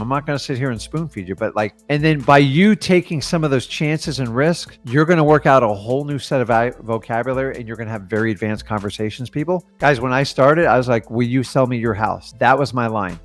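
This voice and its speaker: A man talks rapidly in a blunt, animated pep-talk manner, coaching listeners like a sales mentor. His voice sits at an ordinary middle pitch. Faint music plays behind him. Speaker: real estate wholesaling coach and host.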